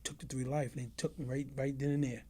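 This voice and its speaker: A man's voice: mid-range voice, flat delivery, fast talker, warm tone, husky. A middle-aged man telling stories from his past in an interview, acting out the voices of the people in them and often asking "you know what I mean". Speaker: interview guest. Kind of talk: casual storytelling.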